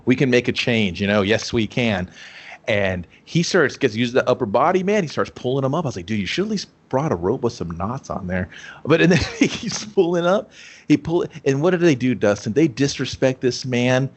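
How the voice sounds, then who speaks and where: A man's voice: medium pitch, lively intonation, normal speed. A man co-hosting a casual movie review podcast, swearing freely and acting out characters' lines as he retells scenes. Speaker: podcast co-host.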